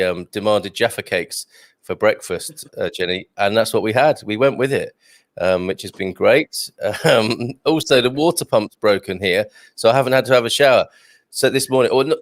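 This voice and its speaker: A man's voice: on the low side, no room sound. A man hosting a casual morning live stream, chatting, laughing often and reading out viewer greetings and news. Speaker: host.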